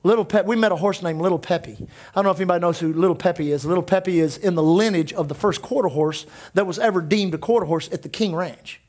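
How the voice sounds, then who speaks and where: High-voiced preaching man in his sixties. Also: fast talker, a little mellow. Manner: emphatic preaching with repeated declarations. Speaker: pastor. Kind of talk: sermon.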